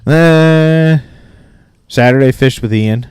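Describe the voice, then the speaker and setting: Taking his time, a man speaks in a mid-range, slightly mellow, clean-toned voice, recorded in clean studio sound with no echo. He's a podcast co-host in his late thirties from Maine, ranting and swearing constantly while acting out both sides of a profane story.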